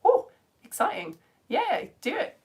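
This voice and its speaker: A woman, hosting a live science stream and chatting excitedly with viewers, her voice a little tired. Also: extremely high pitch, measured pace, gravelly. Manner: animated, reads comments aloud, jumps between loud greetings and quiet asides. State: tired voice at end of term. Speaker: science show presenter.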